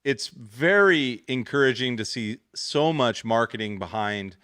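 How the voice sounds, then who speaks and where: A man's voice: medium pitch, expressive, a little slow, fairly bright tone, smooth, dry recording, studio quality. A man hosting a podcast, joking and teasing his co-hosts in casual chat. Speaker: podcast host.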